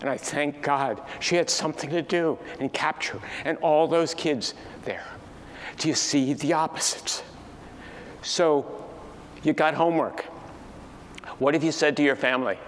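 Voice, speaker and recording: A man in his sixties giving a keynote talk, telling a family story with lively acted-out dialogue. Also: fairly high pitch, measured pace, a little hiss or hum. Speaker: keynote speaker. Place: large conference hall. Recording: distant echoey hall with faint ambience.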